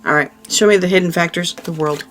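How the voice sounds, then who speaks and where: Chatty tarot-reading woman, low voice. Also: brisk, faint music behind. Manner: chatty, emphatic, repeats phrases. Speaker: tarot reader.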